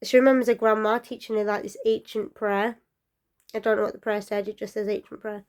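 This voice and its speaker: A woman telling folklore stories casually, chatty and rambling with asides and fillers, often dropping to a soft near-whisper. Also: medium pitch, steady tone, fairly quick, clear, resonant tone. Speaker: storyteller.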